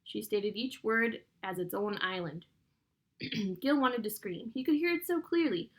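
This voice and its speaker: A woman reading a children's novel aloud in a steady, clear storytelling voice. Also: medium pitch, unhurried. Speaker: audiobook narrator.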